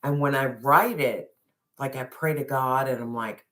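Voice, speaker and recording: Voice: medium pitch, a little slow, pushed and bright. A tarot reader giving an intense, emphatic reading to a viewer, with slangy address and swearing, sometimes dropping to a whisper. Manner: drops to a whisper on some phrases.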